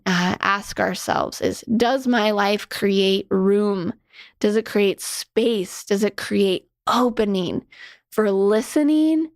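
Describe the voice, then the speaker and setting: A woman's voice: mid-range voice, vocal fry, dry recording, clean studio sound. A woman giving a casual spiritual talk as a teacher. She is chatty, fills her speech with many "like"s and laughs often as she goes. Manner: laughs often while talking.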